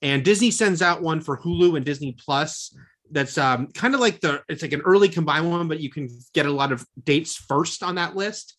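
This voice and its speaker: A man's voice: on the high side, moderate pace, a bit bright. A man co-hosting a film podcast, chatting casually and rambling with lots of fillers. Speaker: podcast co-host. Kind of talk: casual chat.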